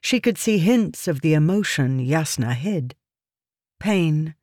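Slow, measured audiobook narrator. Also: medium pitch, expressive, a little mellow, dry recording, studio quality. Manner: measured, deliberate reading. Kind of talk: scripted fantasy narration.

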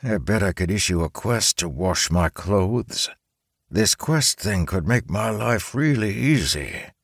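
A man's voice: low voice, lively intonation, measured pace, gravelly, husky, no echo, clean studio sound, pitched above the performer's own voice, full character voice. A man voicing a blunt, grumpy old grandfather in an audiobook. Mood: grumbling. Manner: blunt, matter-of-fact. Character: grumpy old grandfather who dislikes talking. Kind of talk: audiobook character voice.

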